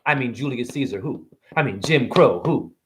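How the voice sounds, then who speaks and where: A man in a rambling live-stream monologue, full of rhyming wordplay and sudden jumps in pitch and pace. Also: animated, moderate pace. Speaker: self-styled spiritual teacher streaming live.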